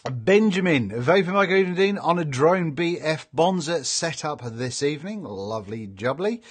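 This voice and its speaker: A man's voice: fairly high pitch, lively intonation, moderate pace, slightly rough. A middle-aged man with a chatty, jokey manner, hosting a casual live stream and reading out viewer comments. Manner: chatty and jokey, laughs often.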